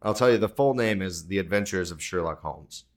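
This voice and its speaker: A man's voice: low voice, brisk. A man in a casual movie-quote quiz chat, easygoing, chuckling, with dry jokes. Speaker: quiz player.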